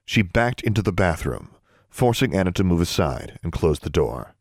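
A man narrating an audiobook in an expressive storytelling manner. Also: low-pitched, moderate pace, no echo, clean studio sound.

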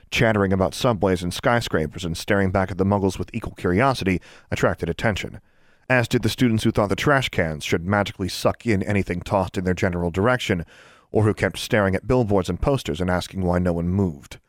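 A man with a very deep voice reads a novel aloud in steady, measured narration. The recording is close and dry, with no room sound. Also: no room sound. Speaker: audiobook narrator. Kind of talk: scripted narration.

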